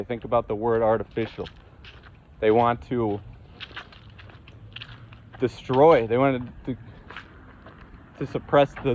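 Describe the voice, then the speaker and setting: A man's voice: medium pitch, phone-quality sound, a little hiss or hum. A man delivering a heated, profane monologue, often restarting and repeating himself. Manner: repetitive, stumbling restarts. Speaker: vlogger. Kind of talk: angry monologue to camera.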